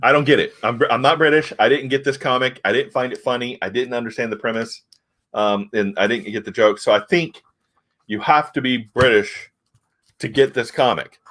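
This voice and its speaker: A man's voice: medium pitch, moderate pace, a bit bright. A middle-aged man from the United States chatting casually about comics, rambling and hesitant but frank. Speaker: comic review host. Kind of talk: casual chat.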